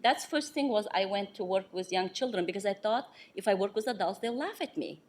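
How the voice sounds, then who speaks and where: A woman on a panel, not from the US, speaking in an animated, emphatic way about teaching young children and repeating phrases for stress. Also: mid-range voice, fairly quick, slight background noise. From outside the US. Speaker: panelist, early childhood educator. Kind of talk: casual panel talk.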